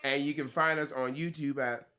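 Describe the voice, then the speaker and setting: A man's voice: medium pitch, steady tone, moderate pace, heavy background noise. A man from the United States, a fighter co-hosting a podcast, chatting casually with loose, laughing, swearing banter.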